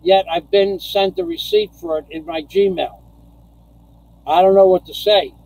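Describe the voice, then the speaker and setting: A man with a notably high voice hosts a casual live stream from home. He chats loosely with viewers, laughs often and breaks into profane rants. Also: fairly even intonation, measured pace, creaky, a little mellow, no echo, rough recording. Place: home in the Philippines.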